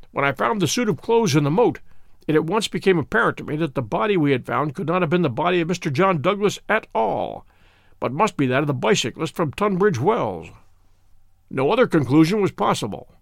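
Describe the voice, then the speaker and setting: A calm, clever detective, laying out his reasoning in a measured, precise way. His voice has a gravelly grain, and the recording is dry and close. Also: on the high side, dry recording. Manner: measured, precise, gently reproving.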